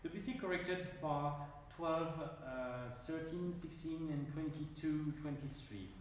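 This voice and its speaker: Male lecturer, French accent, halting and careful, slightly high, roomy distant hall sound. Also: slight background noise. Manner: halting, careful, pointing to score examples. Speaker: musicology lecturer. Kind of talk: academic lecture. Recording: echoey hall, mic far off.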